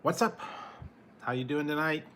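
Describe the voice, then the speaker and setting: A man's voice: on the high side, steady tone, moderate pace, a bit bright, slight background noise. A man hosting a casual food-review livestream, chatting with viewers, laughing often and greeting people by name. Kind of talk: casual live chat with viewers.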